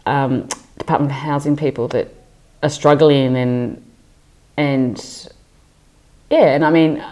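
A middle-aged Australian woman with a low voice chats as a guest in a casual interview. She is self-deprecating and talks in loose runs full of fillers and restarts. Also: fairly even intonation, slow pace, dark tone.

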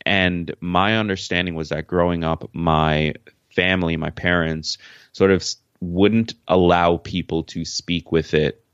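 A man from Jamaica talks as an interview guest in a frank, easygoing way. His voice sits extremely low. The recording is dry and a little dull. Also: fairly even intonation, unhurried, a bit bright, clean tone, no room sound. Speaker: podcast guest. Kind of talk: casual interview answers.

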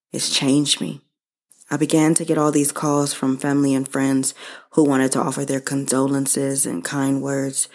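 A woman hosting her own show, speaking slowly and earnestly to listeners about losing her mother and how to grieve. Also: low voice, darkish tone. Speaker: podcast host. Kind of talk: personal reflective monologue.

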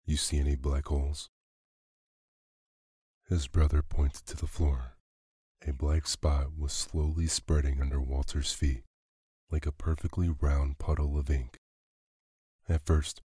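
Brief: male bedtime storyteller, very low husky voice, dry close sound. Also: mellow, dry recording. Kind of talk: calm bedtime story narration.

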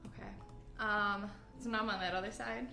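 A woman playing a tabletop game, lively and a bit hesitant, asking questions about her moves. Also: mid-range voice, moderate pace. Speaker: player. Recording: roomy echo with clear music behind.

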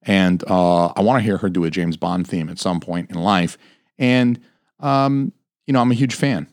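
A man's voice: low voice, moderate pace, a little mellow, no echo. A man hosting a podcast alone, ranting crudely and rambling from topic to topic, full of swearing, from a home studio mic. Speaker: podcast host. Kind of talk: solo podcast rant.

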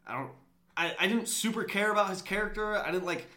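This is a young man co-hosting a casual sports podcast. His voice is bright and sits a little high. He rambles and restarts, and the room around him is echoey. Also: brisk. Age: young adult. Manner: rambling, many likes and restarts. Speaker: podcast co-host.

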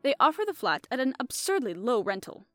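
A woman reading aloud, voicing a fussy, polite middle-aged male detective who speaks with courteous, soft reproof. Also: a little high, big pitch swings, a little fast, dry recording, soft background music. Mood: explaining.

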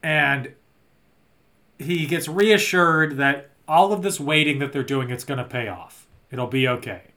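A man's voice: fairly high pitch, measured pace, bright, forceful tone. A man co-hosting a casual chat, recapping a movie plot in a rambling, dry, joking way. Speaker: podcast co-host.

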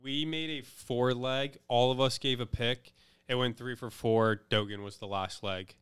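A man's voice: mid-range voice, fairly even intonation, a little slow, a bit bright, clear, resonant tone. A man co-hosting a casual sports podcast, talking brashly and confidently about bets. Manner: brash, profane, confident betting talk. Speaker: podcast co-host. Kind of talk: casual chat.

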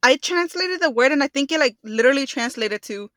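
A young woman co-hosting a podcast in casual chat, playful and quick to laugh. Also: high-pitched, expressive, fairly bright tone, no room sound. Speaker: podcast co-host.

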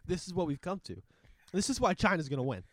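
A man's voice: high voice, very animated, fast, dry recording. A young man hosting a podcast, telling a rambling story full of swearing and laughter. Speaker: podcast host. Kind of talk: casual chat.

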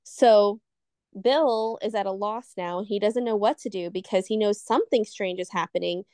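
A woman's voice: medium pitch, darkish tone, no room sound. Woman co-host, casual, digresses while telling scary tales; dry, close recording. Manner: rambling, loses her train of thought, quick asides. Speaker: podcast co-host, storyteller.

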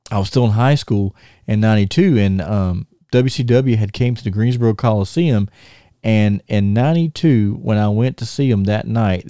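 A man's voice: lowish voice, mellow, no echo, clean studio sound. A middle-aged man, hosting a podcast and telling a long, rambling, stop-start story to a friend. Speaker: podcast host.

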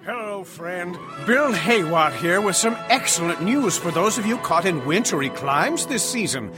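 Guy putting on a cheesy ad pitchman, high and swoopy, music behind. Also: animated, measured pace. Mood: salesy. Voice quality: cheesy announcer delivery. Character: smooth male ad pitchman selling parka pants. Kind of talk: mock radio commercial. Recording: over music bed.

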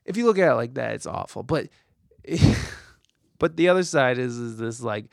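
A man's voice: medium pitch, animated, moderate pace, gravelly, no room sound, clean studio sound. A young man hosting a podcast, talking in a rambling, profane, self-deprecating way. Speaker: podcast host. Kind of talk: casual solo chat.

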